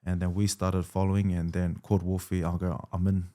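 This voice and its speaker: Rugby league player guest, 30s man, deep voice, easygoing storytelling with fillers. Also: a little fast. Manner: relaxed, lots of fillers and quoted dialogue. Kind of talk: casual storytelling interview.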